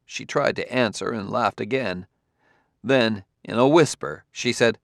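A man narrating an audiobook in a measured, expressive reading. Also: fairly low pitch, creaky, no room sound, studio quality.

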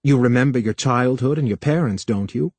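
A man voicing an earnest male technician who talks in an insistent, pleading way, often lower and quieter. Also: brisk, breathy edge, no echo. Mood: coaxing.

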